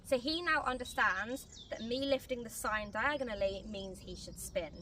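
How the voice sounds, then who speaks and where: A woman dog trainer giving a clear, step-by-step tutorial outdoors. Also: fairly high pitch, normal speed, sharp tone. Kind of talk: instructional tutorial. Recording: distant mic, faint outdoor noise.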